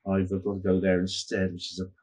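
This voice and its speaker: A man from Wales with a Welsh accent, chatting quickly in a casual discussion. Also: low-pitched, monotone, a little mellow. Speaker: guest. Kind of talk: casual chat.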